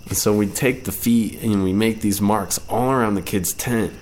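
Deep-voiced young man telling a story. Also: fairly even intonation, normal speed, darkish tone, a little hiss or hum. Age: 20s. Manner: laid-back, rambling, self-correcting. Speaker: storyteller guest. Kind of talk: casual personal storytelling.

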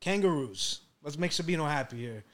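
A man co-hosting a podcast in a studio, asking the guest quick questions. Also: on the high side, animated, fairly bright tone. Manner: prompting host, quick questions. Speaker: podcast co-host. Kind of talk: casual chat.

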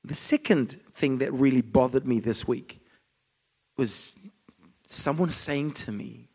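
A man preaching a sermon, swinging between loud declarations and hushed asides. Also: mid-range voice, slow pace, slightly rough.

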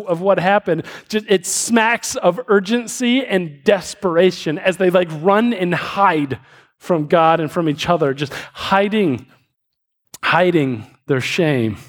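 A man preaching a sermon, telling a story with many restarts and slowing down for emphasis. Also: high voice. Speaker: pastor.

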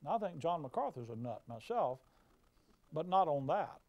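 A man's voice: a little high, very animated, moderate pace, a little mellow, dry recording, muffled recording. A man preaching a fiery sermon, folksy and emphatic, with mocking asides.

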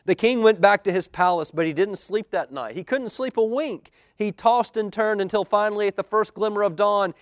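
Man, pastor, children's storybook reading, lively, asks questions, somewhat high voice, dry. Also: normal speed, hardly any pauses, dry recording. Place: church auditorium.

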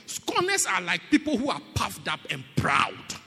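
A man preaching a sermon as a bishop. He swings from shouting to near-whispering and teases the congregation. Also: high-pitched, wildly swooping pitch, normal speed, vocal fry, husky, faint music behind. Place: church hall. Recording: long hall reverb.

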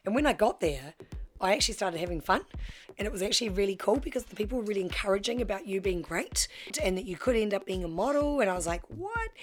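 A middle-aged guest storyteller recounts her own life story frankly, speaking fast in a medium-pitched voice. She is animated, acting out the voices of the people she quotes.

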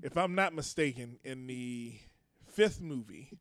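A man co-hosting a podcast in casual chat, animated, swearing freely and laughing often. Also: mid-range voice, measured pace, no echo, clean studio sound. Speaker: podcast co-host.

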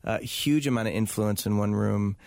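A man's voice: fairly low pitch, normal speed, gravelly, a little mellow, dry recording, clean studio sound. A man speaking as an interview guest, talking earnestly and reflectively with many fillers and restarts. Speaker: guest, touring event host. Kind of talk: casual interview conversation.

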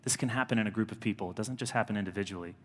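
Earnest low-voiced preacher in a reverberant church. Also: male voice, racing. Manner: earnest, conversational preaching with emphatic repetitions. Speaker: pastor. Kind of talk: sermon. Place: church sanctuary. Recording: long reverb of a large church.

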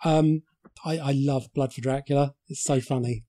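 A man's voice: medium pitch, steady tone, moderate pace, dark tone. A man co-hosting a casual film podcast, making dry, wry remarks. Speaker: podcast co-host.

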